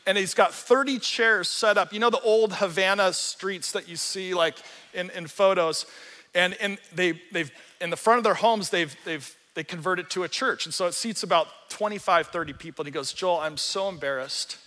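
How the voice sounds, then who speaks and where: Man in his 40s, pastor, high and sharp voice, sermon with long hall reverb. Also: normal speed. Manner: casual, storytelling, self-deprecating humor.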